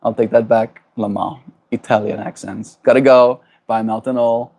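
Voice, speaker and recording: A man with a South African accent chatting gently on a livestream, greeting viewers and laughing often. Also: medium pitch, little pitch movement, normal speed. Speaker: livestreamer reading chat. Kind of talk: casual livestream chat.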